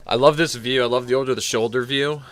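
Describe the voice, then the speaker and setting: A man's voice: medium pitch, steady tone, fast talker, a bit bright. A man hosting a live stream, chatting casually in an easygoing, upbeat way. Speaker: livestream host.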